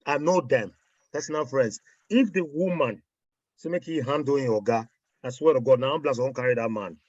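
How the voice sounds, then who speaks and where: A man's voice: medium pitch, brisk, no echo. A man with a Nigerian accent in casual chat, telling stories and mixing in pidgin phrases. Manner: mixes in pidgin, animated storytelling. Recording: dry, muffled audio.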